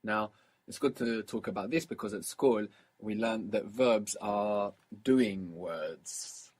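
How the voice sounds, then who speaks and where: A man teaching a recorded language lesson, explaining patiently and repeating word forms slowly. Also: on the low side, a little mellow. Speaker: language teacher on audio course.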